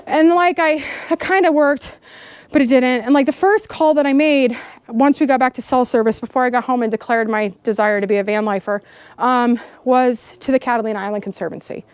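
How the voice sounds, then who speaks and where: A woman in her thirties giving a storytelling keynote speech, animated, laughing often and acting out the people in her story. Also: sits high, fairly quick, smooth, no echo. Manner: animated, laughing, acts out dialogue. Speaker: keynote speaker. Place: outdoor camp gathering.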